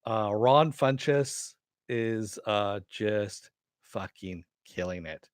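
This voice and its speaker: A man's voice: on the low side, very slow, no room sound, studio quality. Laughing, rambling male reviewer. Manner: rambling and laughing, with cursing and quoted lines. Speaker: host reviewing animated episodes. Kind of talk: casual spoken review.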